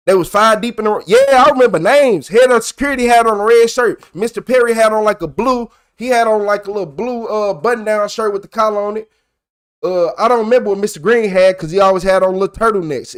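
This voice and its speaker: A young man with a high-pitched voice talks straight to his livestream chat, swearing freely. He grows loud and animated as he recounts his grievances, then drops back into an easy, casual tone. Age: young adult. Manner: animated, profane, gets loud and worked up while retelling. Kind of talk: casual storytelling to a live chat.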